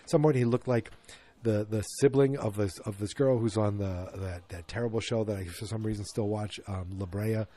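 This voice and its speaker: A man's voice: fairly low pitch, fairly even intonation, normal speed, dark tone. A man hosting a podcast in a rambling, casual chat, full of fillers and restarts. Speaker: podcast host.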